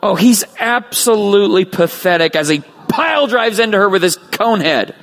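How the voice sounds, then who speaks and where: Animated gravelly male preacher. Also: high voice, normal speed, hardly any pauses. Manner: animated preaching with acted voices of children. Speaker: pastor. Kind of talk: sermon.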